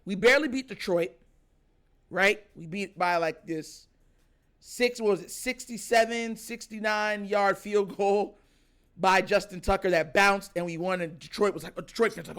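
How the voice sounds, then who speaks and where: A man hosting a sports talk show, giving animated casual reaction commentary and laughing often. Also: high-pitched, normal speed, clean tone. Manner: animated, excitable, laughs often, mimics players.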